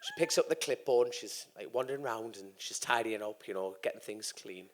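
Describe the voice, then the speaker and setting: A man's voice: on the low side, a little fast. A man in his thirties, a guest racer, telling a long sweary anecdote on stage at a live podcast event and acting out the voices of the people in it. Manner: swearing, acts out quoted voices. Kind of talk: animated live storytelling.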